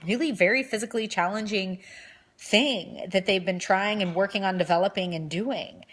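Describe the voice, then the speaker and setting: A woman's voice: on the low side, a bit bright, slight background noise. A young woman talking casually to her viewers in a motivational vlog, chatty and earnest, repeating phrases for emphasis. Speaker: vlogger.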